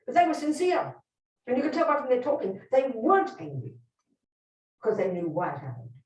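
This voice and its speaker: A high-voiced woman, a Buddhist nun, teaches a live workshop with wildly swooping pitch, a fairly quick pace, and a darkish tone. She speaks bluntly and emphatically, putting direct questions to the group. She's recorded from a distance in a roomy hall, well away from the mic.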